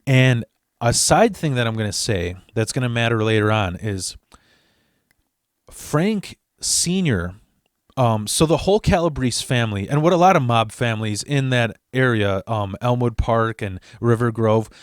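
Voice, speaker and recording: A man's voice: medium pitch, animated, unhurried, clear, resonant tone, dry recording. Rambling, profane male storyteller, dry sound. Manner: rambling and profane, with restarts and asides. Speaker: storyteller host of his channel. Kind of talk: casual storytelling.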